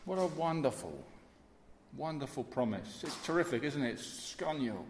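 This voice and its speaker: A man's voice: mid-range voice, animated, measured pace, darkish tone, roomy sound, in a large hall, a little hiss or hum. A male preacher giving an earnest sermon in a church, dwelling on repeated phrases.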